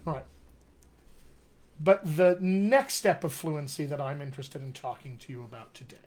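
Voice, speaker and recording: A man's voice: fairly high pitch, expressive, darkish tone. A man teaching as a dialect coach on a live video stream, talking conversationally, often checking in with "all right?" and calling viewers his friends. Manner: slows down to stress key words. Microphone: webcam or computer mic on a live video stream.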